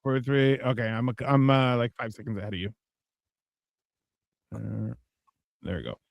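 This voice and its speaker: A man's voice: medium pitch, normal speed, gravelly, dry recording. A man co-hosting a casual movie watch-along, joking and swearing freely. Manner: joking and profane, with mocking voices for characters. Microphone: live stream microphone.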